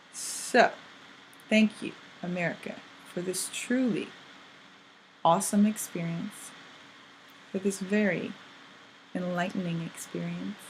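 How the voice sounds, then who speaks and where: A woman's voice: fairly low pitch, a little hiss or hum, rough recording. Chatty young British woman. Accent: British English. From England. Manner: bubbly and chatty, full of likes and ums. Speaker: vlogger. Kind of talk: casual vlog monologue.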